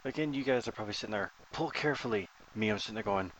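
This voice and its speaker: Male gamer, fairly low voice, casual thinking-aloud commentary. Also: rapid-fire, a little hiss or hum, rough recording. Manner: thinks aloud while playing, chatty and joking. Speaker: gamer commentating his own play.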